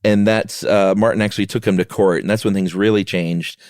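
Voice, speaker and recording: A man's voice: lowish voice, brisk, no room sound, clean studio sound. A man co-hosting a podcast, retelling a history story in casual chat and acting out the quoted villagers. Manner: animated, acts out quoted townspeople. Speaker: podcast co-host.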